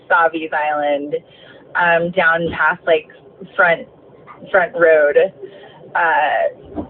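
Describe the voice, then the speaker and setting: A woman bus driver with a mid-range voice tells a story while driving, ranting, swearing and using lots of fillers. It was captured inside the moving bus on a tinny, lo-fi phone recording with slight background noise.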